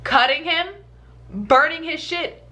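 A young woman in her twenties chats casually to her viewers, giving blunt, profane and sassy advice. Her voice is bright and sharp and sits fairly high. She keeps throwing out rhetorical questions, and her pitch leaps up when she gets fired up. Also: animated, slow. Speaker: vlogger answering viewer questions. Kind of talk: casual chat.

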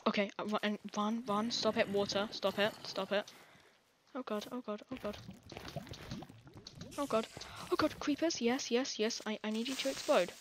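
A woman's voice: medium pitch, steady tone, normal speed, noisy background. An English woman giving rambling, jittery live commentary over her own gameplay, full of panicked exclamations. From England. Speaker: gaming channel host.

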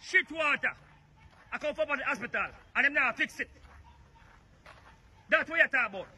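A man's voice: very high-pitched, lively intonation, moderate pace, bright, forceful tone. A Jamaican man complaining outdoors by a flooded road, agitated and repeating himself as he films on his phone. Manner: agitated, repetitive, pointing things out. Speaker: resident filming a local problem. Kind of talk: angry street complaint video.

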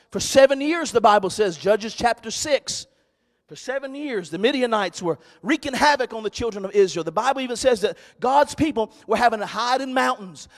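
A male pastor preaching a sermon, swinging from loud, shouted exhortation to quiet, hushed storytelling. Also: extremely high pitch, long reverb tail.

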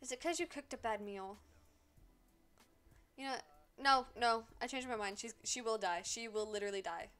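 A woman's voice: a little high, moderate pace, a bit bright, faint music behind. A woman streamer chatting casually as she plays a life-sim game, sarcastic and swearing freely as she scolds the characters aloud.

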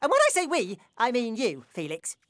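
A performer voicing a bossy, excitable squirrel in a cartoon, snapping out brisk commands. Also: medium pitch, natural voice. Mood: urgent bossy. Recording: cartoon soundtrack with music.

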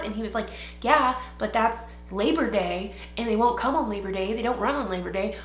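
A woman's voice: a little high, normal speed, sharp tone, roomy sound. A young woman from Ohio doing a get-ready-with-me beauty vlog at home, rambling and swearing casually with lots of fillers. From Ohio, USA. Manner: chatty, profane, rambling with many fillers. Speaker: beauty vlogger. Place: home, indoors.

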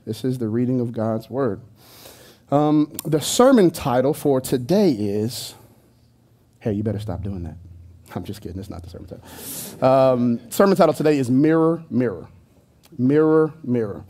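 A pastor preaches a sermon in church on a handheld microphone, speaking loosely and playfully with jokes and asides to the congregation. His mid-range voice has lively intonation, a moderate pace, and a dark tone.

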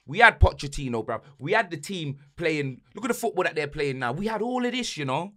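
A young man with a London accent, hosting a podcast and ranting heatedly about football, repeating slang tags and swinging between shouting and muttering. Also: a little high, big pitch swings, brisk. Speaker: podcast host.

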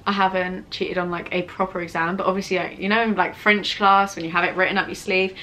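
A woman's voice: on the low side, flat delivery, brisk, sharp tone, slight background noise. A young woman with a British accent from England, rambling and teasing herself as she answers viewer questions in a casual vlog. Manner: chatty, self-mocking, rambling. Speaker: vlogger. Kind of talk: casual Q&A chat. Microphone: camera on tripod with ring light.

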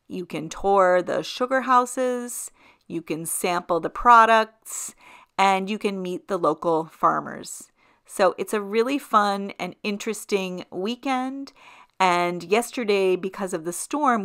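A woman from southern Vermont narrating her vlog as host, in an even, informative voice-over. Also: mid-range voice.

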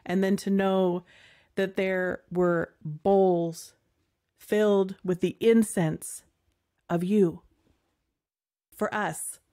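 A woman hosting a faith show, speaking heartfelt and emotional, halting and near tears at times. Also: mid-range voice, level tone, mellow. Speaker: podcast host. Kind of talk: heartfelt faith talk to listeners.

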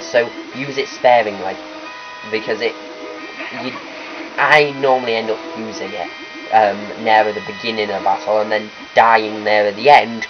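A man hosting a let's play, talking through gameplay in a rambling, chatty way that keeps correcting itself. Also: fairly low pitch. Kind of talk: gameplay commentary. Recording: lo-fi capture with faint game music.

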